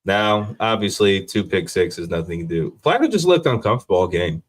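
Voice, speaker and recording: A man's voice: low-pitched, expressive. A young man co-hosting a casual sports podcast, blunt and swearing freely. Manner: blunt, swears freely, quick agreeing interjections.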